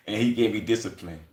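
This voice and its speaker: A man's voice: on the low side, roomy sound. A man hosting a livestream, talking casually in loose, profane street slang and acting out quoted voices as he goes. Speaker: livestream host.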